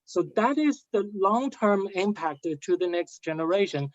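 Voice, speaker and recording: Hesitant man with a high voice on a call. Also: expressive, moderate pace, no room sound, lo-fi sound. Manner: hesitant, many fillers and restarts. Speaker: panel speaker, AI researcher. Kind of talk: online panel discussion. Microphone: video call.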